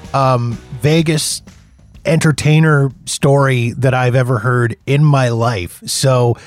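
A man hosting a podcast, introducing guests and chatting in a relaxed, conversational way. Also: mid-range voice, no echo, clean studio sound. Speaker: podcast host.

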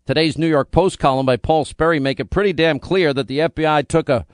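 A man's voice: on the high side, fairly quick, smooth, dry recording. A man hosting a talk radio show, delivering a combative, indignant monologue full of rhetorical questions into a studio microphone.

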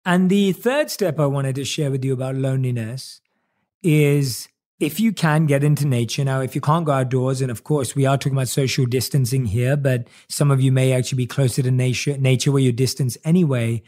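A man speaking earnestly to listeners about coping with loneliness, repeating phrases and slowing down to stress key words. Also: mid-range voice, steady tone, mellow. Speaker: self-help speaker. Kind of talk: motivational monologue to camera.

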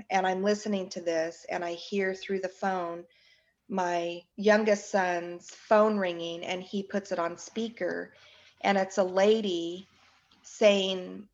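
Woman in her forties, slow grieving storyteller, muffled lo-fi sound. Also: mid-range voice. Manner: slow, halting, with restarts. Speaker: guest recounting her son's death. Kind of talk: emotional personal account.

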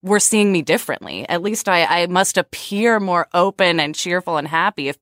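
A woman co-hosts a podcast with wry, deadpan banter. Her voice is a bit low and unhurried. The sound is close and dry. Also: dry recording. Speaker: podcast co-host. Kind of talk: casual chat.

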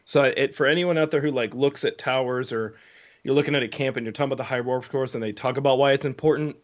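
A young man co-hosting a podcast, telling a story in a casual, animated way with lots of fillers. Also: mid-range voice, quick pace. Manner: animated storyteller, many fillers and acted quotes. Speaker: podcast co-host. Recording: slightly dull lo-fi sound.

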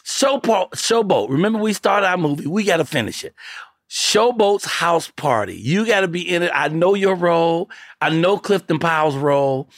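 A man's voice: sits high, expressive, normal speed, no echo, clean studio sound. A man hosting a casual interview podcast, upbeat and slangy. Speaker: podcast host.

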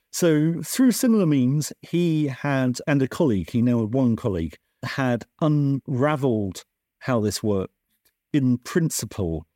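A man, a science writer, tells wartime history in a podcast chat. His voice is mellow and warm yet very animated, rising and falling as he restarts and corrects himself. The sound is close and dry. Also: no room sound. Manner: animated storyteller, lively pitch swings, self-correcting restarts. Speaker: science journalist and author, guest. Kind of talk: conversational podcast interview.

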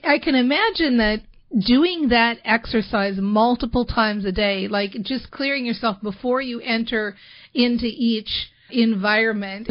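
A woman's voice: fairly high pitch, highs cut off. A woman hosting a podcast, chatting enthusiastically and filling her talk with "like" and "you know". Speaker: podcast host. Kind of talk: casual interview chat.

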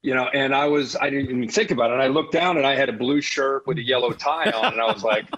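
A middle-aged man and football analyst, telling animated stories as a guest, laughing often and restarting his sentences. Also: mid-range voice, quick pace, highs cut off. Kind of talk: casual storytelling interview.

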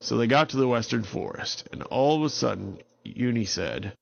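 A man telling a children's story in a relaxed, unhurried way, with small restarts. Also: mid-range voice, creaky, no room sound, muffled recording. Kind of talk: improvised bedtime storytelling.

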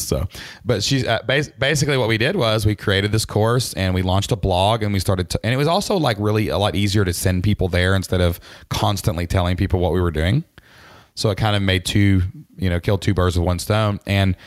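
A man with a very low voice tells his story with lively asides and plenty of fillers. He sounds like a guest on an interview podcast, and the recording is dry and close. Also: no room sound. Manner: chatty, animated storyteller full of fillers.

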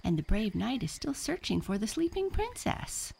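Max, a woman doing a high sleepy critter. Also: very animated, a little slow, creaky, a little mellow, a little hiss or hum, heavily acted.

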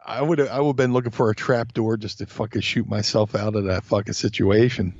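Swearing freely and doing other people's voices, this man is a guest on a podcast, telling stories animatedly in a casual conversation. He speaks a bit fast with a fairly low voice, and the recording is dry, dull and lo-fi.

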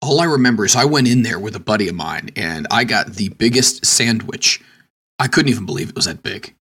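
A man's voice: lowish voice, lively intonation, a little fast, a bit bright, breathy edge. A man co-hosting a casual podcast chat, with teasing, easygoing talk. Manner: teasing, easily set laughing. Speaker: podcast co-host.

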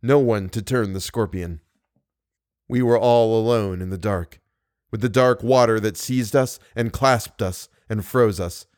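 A man's voice: lowish voice, a little slow, a little mellow, dry recording, studio quality. A man reading a novel aloud in dramatic first-person narration, building tension as he goes. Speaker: audiobook narrator.

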